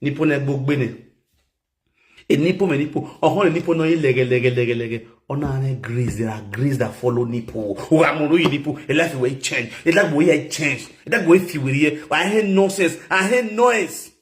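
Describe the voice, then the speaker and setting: A man holds forth in a loose, rambling way, his pitch sitting a little higher than most men's. He drops into low mutters one moment and bursts out loudly the next. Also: normal speed, a little hiss or hum. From Nigeria. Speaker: social media personality. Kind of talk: rambling casual monologue in pidgin.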